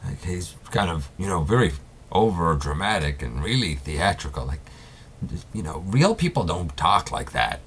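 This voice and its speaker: A man's voice: low voice, very animated, normal speed, fairly bright tone, a little hiss or hum, exaggerated voice. A man as a laid-back robot talk show host. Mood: puzzled. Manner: casual, rambling, chatty with fillers.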